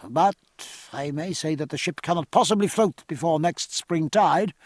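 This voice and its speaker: A man's voice: a little high, husky, no echo. A man voicing a polite, formal young French naval lieutenant in an audiobook. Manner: polite, formal, slightly embarrassed.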